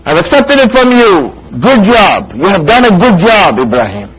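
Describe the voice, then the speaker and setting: A man's voice: high voice, very animated, normal speed, fairly bright tone, husky, pitched above the performer's own voice, exaggerated voice, rough recording. A man preaching in a sermon and voicing God, who kindly reassures a grieving prophet. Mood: reassuring. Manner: kind, reassuring. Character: gentle reassuring divine voice speaking to a prophet.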